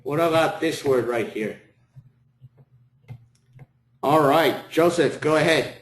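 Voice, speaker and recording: A man's voice: on the high side, takes it slowly. A man teaching a classroom lecture, encouraging students and repeating words for them. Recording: echoey classroom.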